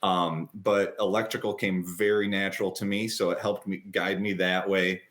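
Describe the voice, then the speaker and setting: Chatty lower-voiced man telling his story. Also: a little hiss or hum. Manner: chatty and animated; quick, lively retelling with acted-out quotes. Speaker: guest. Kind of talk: casual storytelling interview.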